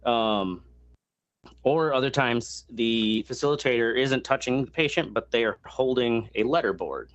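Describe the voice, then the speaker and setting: A man's voice: mid-range voice, a little slow, dull audio. A man hosting a casual podcast chat, explaining a topic at length with many fillers and crude asides. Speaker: podcast host.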